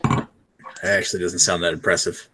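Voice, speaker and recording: A man's voice: deep voice, little pitch movement, a little fast, pushed and bright, a little hiss or hum. A man in a casual live video chat, hesitating and searching for words, with dry quips. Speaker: guest reviewing beer.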